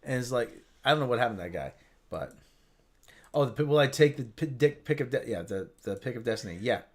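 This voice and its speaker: A man's voice: mid-range voice, lively intonation, a little fast. A man co-hosting a livestream in casual chat, rambling and joking with lots of restarts. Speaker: livestream co-host.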